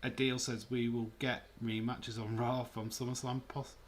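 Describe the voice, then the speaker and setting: A man hosting a livestream, giving relaxed, chatty commentary and reactions while watching a match. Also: mid-range voice, moderate pace, slight background noise. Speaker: livestream host. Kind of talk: casual live match commentary.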